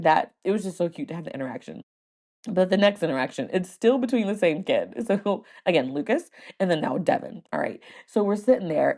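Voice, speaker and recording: Speaking in a low voice, this podcast host and first-grade teacher relates a casual story energetically, laughing often and mimicking words for fun.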